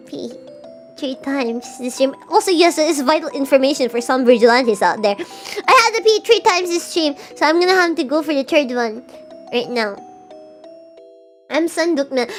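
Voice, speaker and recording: A young woman streaming live, casually chatting with viewers in a playful, teasing way and often stammering over her words. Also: high voice. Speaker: VTuber streamer. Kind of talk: casual live-stream chat reading super chats.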